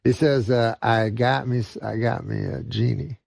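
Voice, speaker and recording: A comedian from Canada telling a long rambling joke in a halting deadpan way, full of "uh" and "you know". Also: male voice, medium pitch, creaky, no echo. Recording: dull lo-fi sound.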